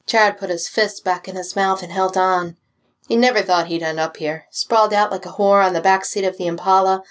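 A woman reading fan fiction aloud with steady, expressive storytelling. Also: mid-range voice. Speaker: reader.

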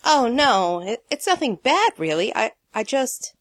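A woman's voice: on the high side, big pitch swings, unhurried, no room sound, studio quality, pitched above the performer's own voice. Woman voicing a flustered young man. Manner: stammering, bashful and earnest. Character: nervous, eager young man on a date.

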